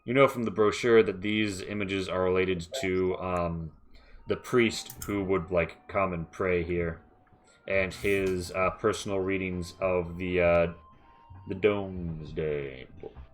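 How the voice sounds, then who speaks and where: A man narrating a tabletop game as game master, hesitant and full of fillers, slowly describing scenes. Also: deep voice, steady tone. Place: home setup, streamed live.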